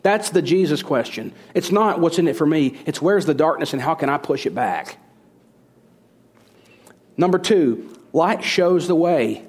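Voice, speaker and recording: A man's voice: on the high side, animated, a little slow, darkish tone, husky. A middle-aged man preaching a sermon as pastor, emphatic, with repeated phrases and rhetorical questions.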